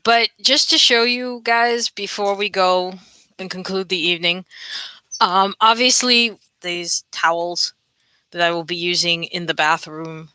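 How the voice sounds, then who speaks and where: Bright-voiced New York woman. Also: lowish voice, steady tone, measured pace, clean tone, no echo. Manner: chatty, repeats herself, asks viewers questions. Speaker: livestream host. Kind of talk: casual live stream chat.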